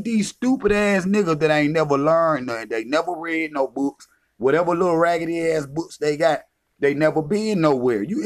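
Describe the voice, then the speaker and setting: A man delivering a heated, profane, taunting rant as a vlogger. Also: fairly high pitch. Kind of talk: confrontational rant.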